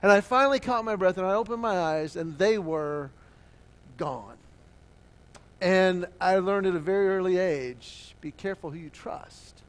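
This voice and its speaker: Brief: male pastor, high-pitched, animated storytelling sermon with acted-out voices. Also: normal speed, clean tone.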